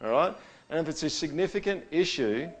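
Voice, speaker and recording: Casual male pastor, middle-aged, preaches like a chat, punchy emphasis then drops low. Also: expressive, fairly quick. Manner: conversational, keeps asking "all right?", voice swings loud and soft. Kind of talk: sermon.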